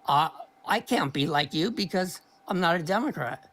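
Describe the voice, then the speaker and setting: A woman's voice: lowish voice, animated, normal speed, a bit bright. A woman calling in to a live stream, arguing politics and talking over the host while she is losing her voice. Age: older than 30. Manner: argumentative, talks over the host. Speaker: caller. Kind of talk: heated political argument.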